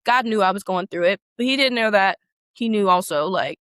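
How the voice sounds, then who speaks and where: A woman's voice: mid-range voice, expressive, fairly quick, a bit bright, no echo. A woman in her thirties, a former teacher and coach, telling her story in a candid interview with emphatic, casual talk.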